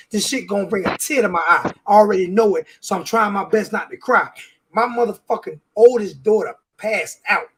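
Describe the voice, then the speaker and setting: A man's voice: sits high, a little hiss or hum. A man on a sports talk show, ranting with heavy swearing and repeating his words. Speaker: show regular.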